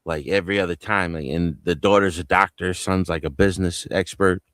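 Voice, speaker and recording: Low-voiced man telling loose, profane stories. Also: steady tone, brisk, a bit bright. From New Jersey. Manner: loose, profane storytelling with street slang. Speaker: panelist. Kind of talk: casual live panel chat.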